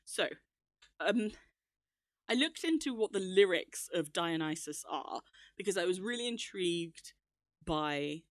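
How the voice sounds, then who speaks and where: A woman's voice: on the low side, expressive, measured pace, pauses often, no room sound, clean studio sound. A young woman co-hosting a casual podcast, chatty and enthusiastic, laughing often. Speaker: podcast co-host. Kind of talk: casual chat.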